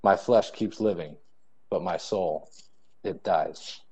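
A man's voice: low-pitched, warm tone, slightly rough. A young man reading his own rhyming poems aloud at an online poetry event over a video call. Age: young adult. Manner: measured rhyming recitation. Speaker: student poet.

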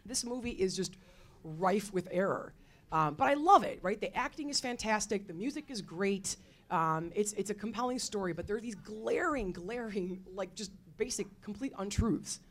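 A woman history teacher holds forth on a faculty panel in an animated, storytelling way. Her voice sits at an ordinary middle pitch, and she keeps a conversational flow full of casual fillers. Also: moderate pace. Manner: lively, expressive storytelling with fillers. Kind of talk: panel talk.

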